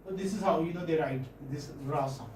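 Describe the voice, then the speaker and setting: A man with an Indian English accent giving a classroom phonetics lecture, halting and often checking in with students. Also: on the high side, darkish tone, a little hiss or hum. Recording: roomy classroom audio from far off.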